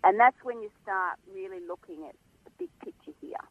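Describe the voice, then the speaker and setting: Over a tinny telephone line, a guest in a phone interview speaks passionately and emphatically about animal welfare. The voice is medium-pitched and brisk, with no echo.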